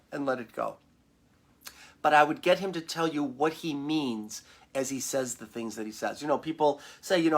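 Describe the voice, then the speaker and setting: Chatty male therapist, gravelly edge. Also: moderate pace. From Michigan, United States. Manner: animated, acts out client voices in a higher pitch. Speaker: therapist and show host. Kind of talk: casual live-stream talk answering viewer questions. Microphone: webcam or computer mic at home.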